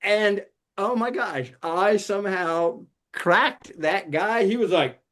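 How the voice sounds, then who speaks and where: A man, a puppeteer guest, chatting casually and telling stories in an animated way with many fillers, over a video call. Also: sits high, slow. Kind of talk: casual chat.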